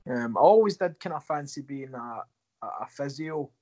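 A male hockey coach chatting as a podcast guest, mid-pitched and easygoing. He answers questions loosely and turns them into self-deprecating jokes. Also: expressive, normal speed, darkish tone. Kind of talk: casual podcast interview.

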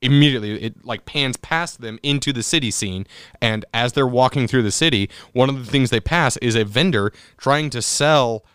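A man chatting casually about a movie, animated and profane, often restarting his sentences. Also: medium pitch, moderate pace, clear, resonant tone, dry recording, studio quality.

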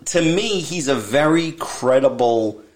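A middle-aged man co-hosting a podcast, telling a ghost story with an animated, swooping delivery. He chats casually and drops into quick put-on voices for the people in the tale. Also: mid-range voice. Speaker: podcast co-host. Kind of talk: casual chat.

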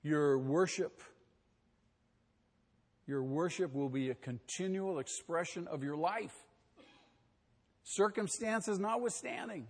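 A pastor preaching a sermon, emphatic, asking rhetorical questions and swinging between quiet and loud. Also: male voice, a little high, slow, pauses often, in a large hall.

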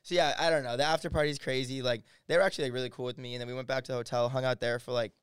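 A man's voice: medium pitch, racing, clean tone, dry recording, studio quality. A young man casually telling a long story on a podcast, swearing freely and acting out what other people said. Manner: animated, swears freely, acts out quoted people.

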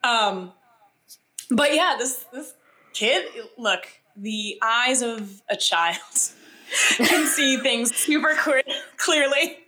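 A woman's voice: a little high, very slow. A young woman co-hosting a podcast, chatting casually and animatedly as she recaps a TV episode. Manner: chatty, animated, lots of fillers. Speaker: podcast co-host.

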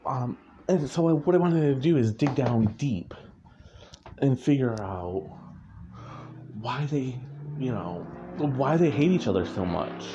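A man's voice: mid-range voice, lively intonation, a little slow, pauses often, noisy background. A man, an author, talking casually about his writing in a rambling way, correcting himself and chuckling often. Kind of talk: casual chat. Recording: muffled lo-fi recording.

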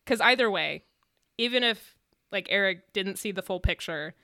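A woman's voice: medium pitch, lively intonation, normal speed, bright, forceful tone, dry recording, studio quality. A young woman co-hosting a casual rewatch podcast, chatty and emotional, laughing often and filling with "like". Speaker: podcast co-host.

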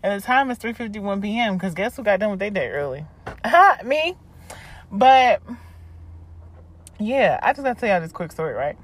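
A woman talks through her week like a diary entry, loose, chatty and quick to laugh. Her voice sits at an ordinary middle pitch for a woman, and her asides spill out in a friendly, playful flow. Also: very animated. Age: 30s. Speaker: podcast host. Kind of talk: casual voice-diary monologue.

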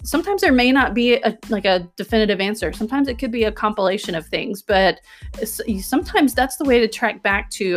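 A woman's voice: fairly high pitch, expressive, fairly quick, faint music behind. A woman hosting a self-help podcast, talking earnestly and coaching her listeners, often checking in with "okay?" and "right?". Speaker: podcast host.

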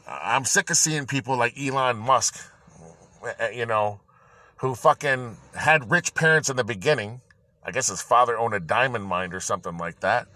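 A man's voice: mid-range voice, moderate pace, pushed and bright, no room sound. Angry, profane man ranting. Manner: profane, heated, rambling with restarts. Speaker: podcast host.

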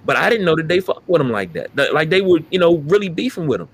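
A man's voice: a little high, very animated, racing, hardly any pauses, slightly rough. A man co-hosting a casual sports talk podcast, emphatic and profane as he rants about players. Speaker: podcast co-host.

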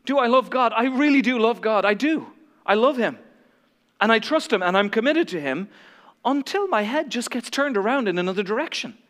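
A man's voice: very high voice, expressive, normal speed, a bit bright. A male pastor preaching an impassioned, dramatic sermon to a congregation in a large church hall. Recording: long hall reverb.

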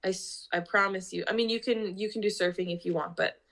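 A chatty woman co-hosting a podcast, her voice sitting at an ordinary middle pitch. She talks in loose, casual chat and scatters "like" through her sentences. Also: fairly even intonation, fast, fairly bright tone. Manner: chatty, lots of fillers and 'like'. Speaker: podcast co-host.

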